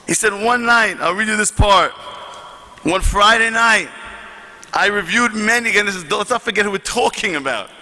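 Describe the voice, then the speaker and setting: A man giving an impassioned speech to a conference audience, often rising to shouts as he reads letters aloud. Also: high-pitched, animated, a little fast, hardly any pauses, big-room sound. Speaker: conference speaker.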